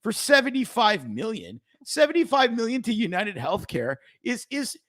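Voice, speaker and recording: Ranting sarcastic man, very lively pitch. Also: normal speed, dry recording, clean studio sound. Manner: ranting, sarcastic, swears freely. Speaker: podcast co-host. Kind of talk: casual chat over drinks.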